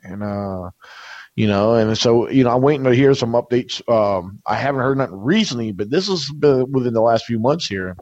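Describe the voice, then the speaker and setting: A man's voice: mid-range voice, moderate pace, a little mellow, no echo, highs cut off. A man guest on a radio talk show, answering casually and rambling, with lots of fillers and restarts. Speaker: guest, researcher.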